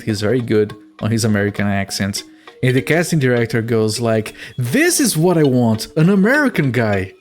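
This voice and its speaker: A man with an ordinary mid-range voice chats loosely while playing a game on stream. He thinks aloud, wanders off topic, and swears now and then. Soft music plays faintly behind him. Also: mid-range voice. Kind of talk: casual let's-play commentary.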